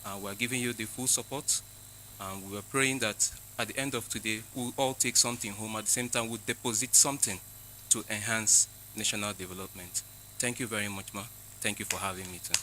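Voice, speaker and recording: A Nigerian man with a bright, forceful tone and a lowish voice delivers a formal welcome address. He works through a long list of protocol greetings like an official. Faint noise sits under him. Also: steady tone, brisk, low-quality recording. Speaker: government representative.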